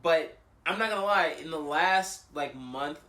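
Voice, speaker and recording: Young male podcast co-host, bright tone, casual and jokey, echoey room. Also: a little high, a little slow. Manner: laughs often, loose and joking. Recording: roomy echo.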